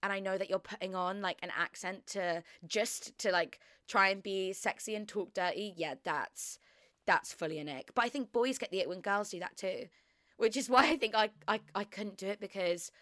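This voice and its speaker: A woman's voice: mid-range voice, moderate pace, fairly bright tone, no echo, clean studio sound. A young woman hosting a podcast, talking frankly and casually, often swearing and laughing. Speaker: podcast host. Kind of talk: casual solo podcast chat.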